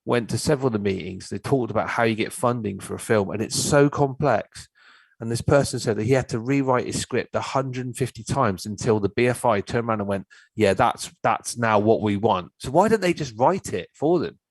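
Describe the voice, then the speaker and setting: A man's voice: mid-range voice, fairly quick, creaky, husky, no room sound, rough recording. A man, telling a story in a blunt, ranting way as a filmmaker guest on a casual chat show. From Cornwall, England.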